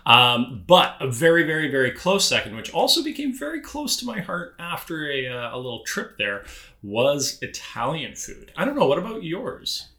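A man co-hosting a podcast in casual chat, talking with warm enthusiasm. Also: a little high, very animated, moderate pace, echoey room. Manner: enthusiastic, savoring food talk. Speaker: podcast co-host.

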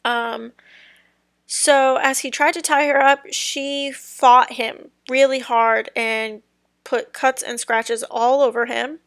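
Slow, gravelly-voiced young woman podcaster. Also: high-pitched, fairly even intonation, a bit bright, no room sound, studio quality. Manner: rambling, hesitant, many ums and trailing sentences. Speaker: podcast host. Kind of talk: casual true-crime podcast storytelling.

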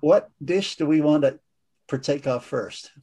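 A man who is a priest, co-hosting a discussion and speaking in a measured, thoughtful way. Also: on the high side, warm tone. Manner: measured, thoughtful, with light laughs. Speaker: priest and co-host. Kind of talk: conversational discussion.

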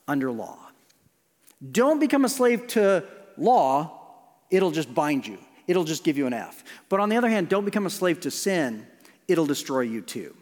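A middle-aged male pastor preaching a sermon, shifting from loud emphasis to hushed near-whispers. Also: on the high side. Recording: long hall reverb.

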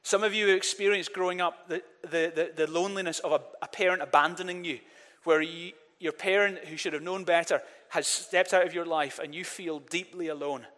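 A man with a fairly high voice preaches a sermon in an earnest tone, doubling back on his words and asking the congregation to speak with him. His voice rings with a long reverb from a church hall. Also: fairly even intonation, brisk, a bit bright. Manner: earnest, repeats words, leads the congregation in call-and-response.

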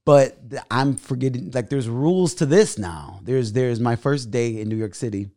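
Speaking at a normal speed, this young adult man is a comedian guest spinning a story in a relaxed, animated style. His voice shoots up, loud and high, whenever he plays out a scene.

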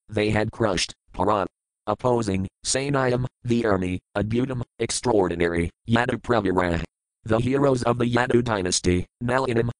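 A man reading scripture aloud in a measured, methodical way, going through verses, word meanings and translations. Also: medium pitch, dry recording, rough recording. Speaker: scripture reader.

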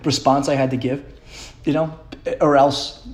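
A man's voice: mid-range voice, flat delivery, a little slow. A young man hosting a solo podcast, rambling in a profane, self-mocking way and laughing often. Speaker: podcast host.

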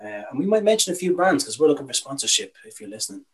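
A man's voice: mid-range voice, big pitch swings, rapid-fire, husky, low-quality recording. A young Irish man co-hosting a casual podcast, opinionated and ranting, with some swearing. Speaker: podcast co-host.

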